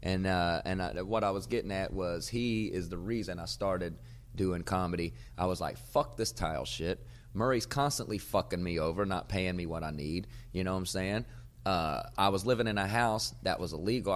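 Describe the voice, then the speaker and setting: Profane, animated man telling stories. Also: low voice. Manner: profane, animated storyteller who gets loud acting out arguments. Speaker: podcast host, comedian. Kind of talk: casual storytelling monologue.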